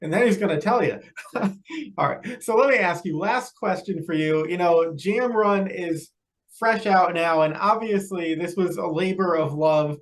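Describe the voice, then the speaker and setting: A man's voice: high-pitched, unhurried. A man hosting an interview podcast, upbeat and affirming as he wraps up with questions. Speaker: podcast host. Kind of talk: casual interview talk.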